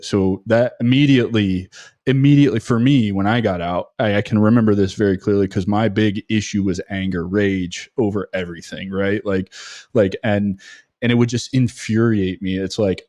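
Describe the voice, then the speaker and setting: A man's voice: lowish voice, a little mellow, no echo, clean studio sound. A male podcast host talking emphatically in a conversational interview, often repeating his words while he thinks.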